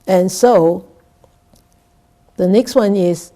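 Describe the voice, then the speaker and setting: A Buddhist nun giving a dharma talk. She speaks haltingly, repeats words and keeps asking "right?". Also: medium pitch, mellow. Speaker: Buddhist nun teaching scripture.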